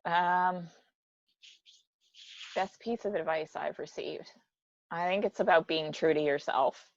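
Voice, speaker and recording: A middle-aged woman being interviewed in a casual chat, frank and quick to answer, often laughing. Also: fairly low pitch, no room sound, muffled recording. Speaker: interview guest, business leader.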